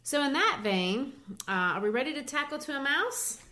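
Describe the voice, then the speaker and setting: A woman co-hosting a literature podcast, explaining a poem in a relaxed, animated way with light laughs. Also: high-pitched, normal speed. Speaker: podcast co-host. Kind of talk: casual literature discussion.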